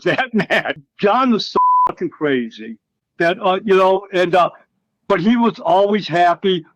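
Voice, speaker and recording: A man's voice: high voice, dry recording. A middle-aged man, a former wrestler, telling rambling, profanity-laced stories in a casual interview and acting out what others said. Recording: slightly dull, dry recording.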